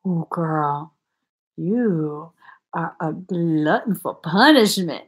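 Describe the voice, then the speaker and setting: A woman's voice: fairly low pitch, very slow. A young woman chatting casually on a livestream as a spiritual energy reader, giggly and playful, swearing now and then.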